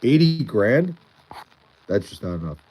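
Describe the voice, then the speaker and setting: A man's voice: medium pitch, sing-song, unhurried, darkish tone, slightly rough, poor audio. A man with a Long Island accent chatting casually on a livestream, rambling and leaning on "like" as he answers his chat. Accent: Long Island New York. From Long Island, New York. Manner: rambling, heavy use of "like" and restarts.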